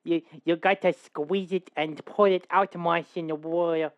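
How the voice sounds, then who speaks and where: Goofy hesitant man, halting speech, slow delivery, somewhat muffled sound, put on by a streamer. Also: on the high side, fairly even intonation, smooth, no echo. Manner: halting with "uh" and a tag "oh, woo".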